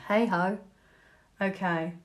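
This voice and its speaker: A woman's voice: mid-range voice, steady tone, slow pace. A British woman giving a casual tarot reading to camera, rambling and chatty with lots of fillers. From United Kingdom. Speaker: tarot reader.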